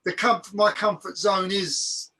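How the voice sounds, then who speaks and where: A man's voice: high-pitched, steady tone, takes it slowly, crowd noise. An easygoing man co-hosting a casual chat on a video call. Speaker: co-host.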